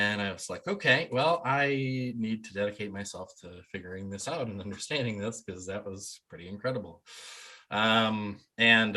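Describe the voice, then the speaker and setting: A man's voice: lowish voice, pushed and bright. A man, a shamanic healer, telling his story casually in an interview, rambling with many ums and restarts. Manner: acts out quoted people in a livelier voice.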